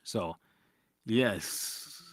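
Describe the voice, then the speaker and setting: A man's voice: fairly low pitch, drawn-out words, no room sound, studio quality. A man hosting a casual live-stream Q&A as a recovery coach, talking bluntly with swearing and frequent restarts. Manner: blunt, profane, animated, with lots of restarts.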